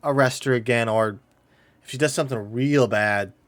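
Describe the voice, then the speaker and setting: A man's voice: mid-range voice, normal speed, fairly bright tone, voice pushed down, natural voice. A man voicing a tired, irritable female guard captain who mutters orders. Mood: exasperated.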